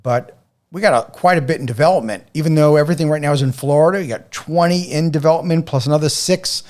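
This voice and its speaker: Ny guy hosting a podcast, excited, stumbles and restarts a lot, a bit high voice. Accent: New York. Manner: enthusiastic, quick asides, frequent restarts. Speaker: podcast host. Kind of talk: casual interview chat.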